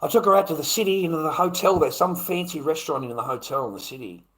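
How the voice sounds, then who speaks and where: A middle-aged Australian man rambles through a foul-mouthed livestream monologue. His voice sits a little high and comes out bright and forceful, with a crude, meandering delivery peppered with "mate". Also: fast talker, low-quality recording. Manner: crude, profane, rambling, keeps tagging "mate".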